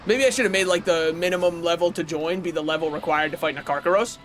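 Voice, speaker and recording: A young American man chatting casually while streaming a game, rambling and correcting himself with sudden excited outbursts. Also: on the high side, fast, faint music behind. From United States. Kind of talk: casual gaming livestream chat.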